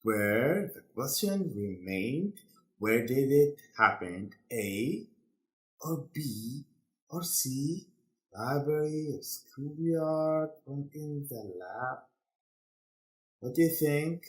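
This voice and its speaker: A man's voice: medium pitch, animated, reverberant. A man teaching a class who keeps checking his students follow along, speaking. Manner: slow, checks understanding with "okay?". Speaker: English teacher. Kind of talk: classroom lesson.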